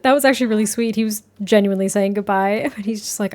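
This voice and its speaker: Woman game narrator, chatty and effusive, mid pitch. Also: fairly even intonation, fairly quick, few pauses, darkish tone, faint music behind. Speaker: gaming content creator. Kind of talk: casual gameplay narration.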